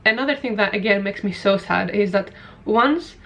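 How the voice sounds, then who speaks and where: A woman's voice: medium pitch, moderate pace, a bit bright. Young woman, vlogger, gushing and emotional, tearful at times. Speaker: video essay creator. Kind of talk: emotional personal vlog.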